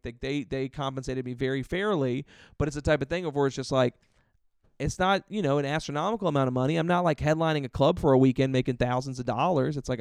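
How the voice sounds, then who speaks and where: Gravelly-voiced man telling an indignant story. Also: medium pitch, dry recording, studio quality. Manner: animated, indignant retelling with filler "like". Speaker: stand-up comedian, podcast guest. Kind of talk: conversational storytelling.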